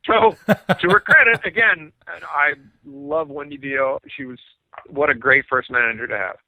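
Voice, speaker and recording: Man, middle-aged, interview guest, animated storyteller, tinny phone-like sound. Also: on the high side, measured pace, no room sound. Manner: animated storyteller acting out quoted dialogue. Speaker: guest musician, bassist. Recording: tinny phone-like line, dry.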